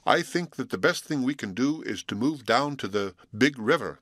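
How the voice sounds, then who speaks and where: A man voicing a slim, quick young male mink in a storybook, brisk and dismissive. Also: medium pitch, expressive, a bit bright, no echo, clean studio sound, pitched above the performer's own voice.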